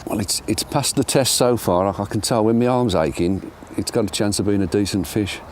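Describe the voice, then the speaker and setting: A man's voice: on the low side, a little fast, darkish tone, slight background noise. A middle-aged man, talking casually and self-deprecatingly while fishing outdoors by a lake. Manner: chatty, self-deprecating commentary. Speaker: angler presenter.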